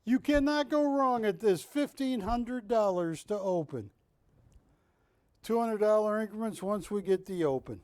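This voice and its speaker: High-voiced, joking shopping-channel salesman. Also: expressive, measured pace, a little mellow, no room sound. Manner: jokey, teasing, pushy salesman patter. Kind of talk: live television sales pitch. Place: television studio.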